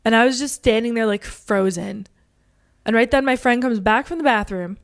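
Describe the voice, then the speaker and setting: A woman's voice: on the high side, normal speed, creaky. A woman telling a frightening personal story with an intense, snarky edge. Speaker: guest recounting a story. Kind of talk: candid storytelling.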